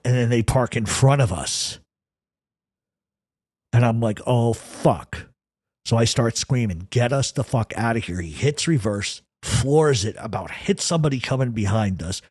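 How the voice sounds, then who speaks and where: A man's voice: mid-range voice, expressive, a little mellow, husky, dry recording, clean studio sound. A man telling a true crime story from his own life in casual first person, swearing heavily and talking with intensity. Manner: profane, intense, rapid retelling.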